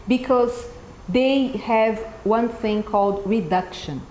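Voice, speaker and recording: A woman's voice: on the high side, slow pace, a little mellow. A Brazilian woman with a Brazilian Portuguese accent, a native Portuguese speaker, giving a live pronunciation workshop to teachers and checking in with "okay?" after each point. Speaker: teacher trainer presenting a workshop. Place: event room with an audience. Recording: echoey room with faint background noise.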